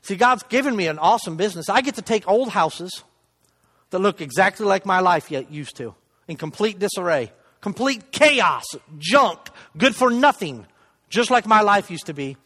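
A middle-aged man with a notably high, light voice, delivering a sermon testimony in a church. He talks conversationally and pokes fun at himself, dropping to a hush for asides and rising for emphasis. Long reverb from the hall trails his words. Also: expressive, moderate pace. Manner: conversational, self-deprecating, swings between loud emphasis and hushed asides. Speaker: lay preacher giving a testimony.

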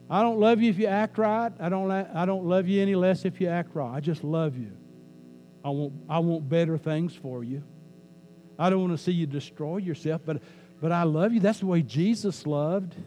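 A man's voice: high-pitched, dark tone, slight background noise. A man preaching a sermon in a church as pastor, talking conversationally, joking with the congregation and repeating key lines for emphasis.

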